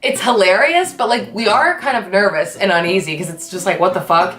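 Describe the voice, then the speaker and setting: Profane, animated woman storyteller. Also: mid-range voice, fairly quick. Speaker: host. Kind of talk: casual storytime. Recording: echoey room with faint guitar music.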